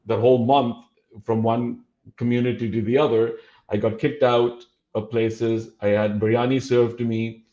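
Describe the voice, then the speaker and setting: Animated storytelling man in his fifties. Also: mid-range voice, muffled recording. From Dubai. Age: 50s. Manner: animated, acts out quoted dialogue, frequent uh fillers. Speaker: podcast guest. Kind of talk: storytelling in a casual interview.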